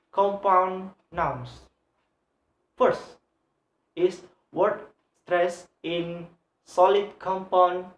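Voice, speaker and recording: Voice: medium pitch, muffled recording. A student giving a recorded class presentation on word stress, hesitating often with filler sounds and repeating each example word several times. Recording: echoey room.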